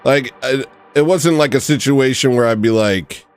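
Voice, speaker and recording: A man's voice: medium pitch, moderate pace, hardly any pauses, clean tone, dry recording. A man hosting a casual all-night radio show, joking and rambling and laughing at his own stories.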